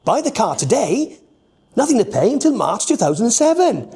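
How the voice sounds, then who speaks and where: A man's voice: very high voice, sing-song, fairly quick, warm tone, voice pushed up, full character voice. A man voicing a naive, chirpy mascot with a Welsh accent and a sing-song, daft manner. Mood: upbeat.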